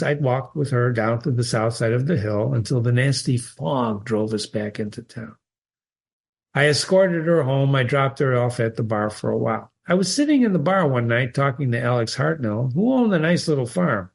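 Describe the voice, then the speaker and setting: A man reading a short story aloud as the show's host, expressive and lifting his pitch on key words. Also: normal speed, gravelly. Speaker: reader.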